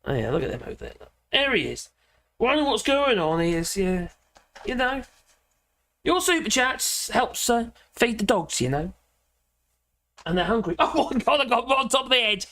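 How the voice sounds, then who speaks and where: A man's voice: very high voice, big pitch swings, normal speed, long pauses, sharp tone, a little hiss or hum. A man hosting a casual livestream, chatting and rambling through viewer comments in an opinionated way from home. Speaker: livestream host.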